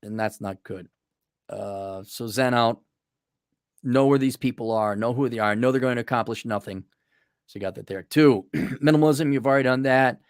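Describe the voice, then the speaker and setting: A man's voice: mid-range voice, moderate pace, clean tone, no room sound, studio quality. A man hosting a casual advice monologue, blunt and sardonic, with mocking asides. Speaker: podcast host. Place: on a trip during a motorcycle rally.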